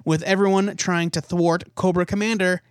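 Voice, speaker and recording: A man's voice: high-pitched, flat delivery, normal speed, clear, resonant tone, no echo, clean studio sound. A man co-hosting a comic book podcast, reading news with a wry, sarcastic edge. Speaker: podcast co-host. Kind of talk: casual podcast banter.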